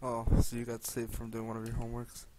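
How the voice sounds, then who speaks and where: A man's voice: medium pitch, monotone, fast. A young man talking casually to the camera late at night, loose and profane, half talking to himself. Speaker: vlogger. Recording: loud background noise.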